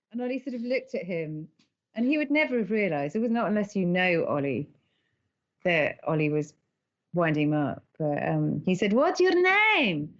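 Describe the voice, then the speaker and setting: A middle-aged woman, an animated storyteller who laughs often as a podcast guest. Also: on the low side, normal speed, long pauses, dull audio. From England. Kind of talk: conversational interview.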